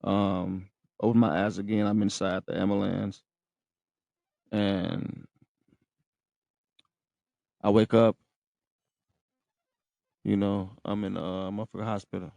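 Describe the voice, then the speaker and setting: A low-pitched man with a gravelly, creaky voice tells a story on his podcast. His talk is slangy and profane, and he keeps checking in with his listeners. The sound is dry and close. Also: little pitch movement, takes it slowly, long pauses, warm tone, no room sound. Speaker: podcast host. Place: room in a rehab center.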